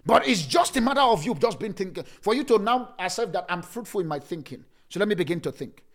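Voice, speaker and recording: A male pastor with a high voice preaches a sermon. He repeats key phrases for emphasis. He moves between loud, emphatic preaching and soft, laughing asides. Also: lively intonation, quick pace.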